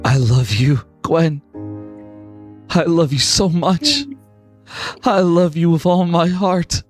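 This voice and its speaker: A man's voice: fairly high pitch, expressive, slow pace, soft background music. Man playing a sobbing remorseful warrior. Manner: sobbing, stammering apologies. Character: anguished remorseful young man, tearful.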